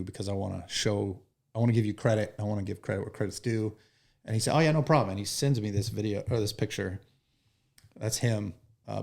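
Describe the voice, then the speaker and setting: Gravelly-voiced joking firefighter. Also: male voice, on the low side. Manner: animated, joking, profane. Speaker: firefighter guest. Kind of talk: storytelling in a podcast interview.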